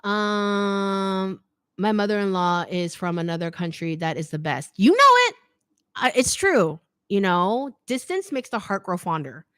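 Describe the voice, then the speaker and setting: A woman's voice: mid-range voice, big pitch swings, a little slow, a bit bright, clear, resonant tone, no echo, clean studio sound. Chatty woman hosting a live Q&A. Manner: chatty, laughs often, says "like" a lot. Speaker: fashion YouTuber hosting a live Q&A. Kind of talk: casual livestream chat reading comments.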